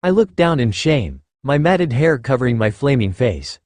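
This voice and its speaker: A man narrating a first-person fan fiction story in an expressive reading style. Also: medium pitch, moderate pace, no echo.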